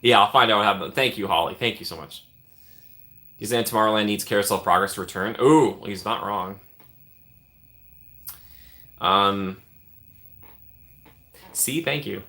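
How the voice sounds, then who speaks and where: A man with a somewhat low voice and a bright, forceful edge hosts a relaxed live stream. He talks in an upbeat, chatty way and reacts to his viewers by name as their comments roll by. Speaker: streamer host. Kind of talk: casual live-stream chat reading comments.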